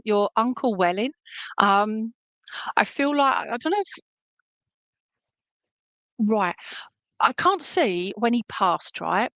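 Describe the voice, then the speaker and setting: A woman's voice: medium pitch, vocal fry, fairly bright tone, no room sound. A woman giving a live clairvoyant reading as a spiritualist medium, chatty and rambling, often checking in with the listener.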